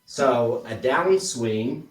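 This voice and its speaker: A man coaching a trainee on sales scripts in a relaxed, casual way. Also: mid-range voice, drawn-out words, recorded from a distance. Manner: relaxed, demonstrates tone with example phrases. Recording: roomy echoey recording.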